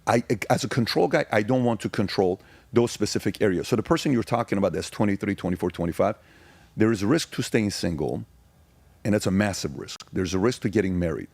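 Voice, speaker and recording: His voice is on the low side, creaky and darkish, with lively intonation and no room sound. A middle-aged man from Iran, he's a podcast guest telling casual stories emphatically and hammering points through quick repetition.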